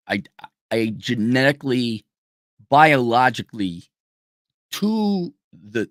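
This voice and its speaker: A man's voice: medium pitch, no room sound, studio quality. A middle-aged man hosting a personal monologue, blunt and profane, ranting animatedly and breaking into mocking impressions. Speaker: show host.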